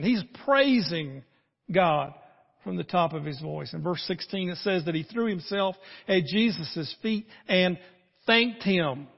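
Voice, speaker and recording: An older man preaching a sermon as a pastor, telling the story in an animated way and acting out the voices in it. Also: sits high, long reverb tail, highs cut off.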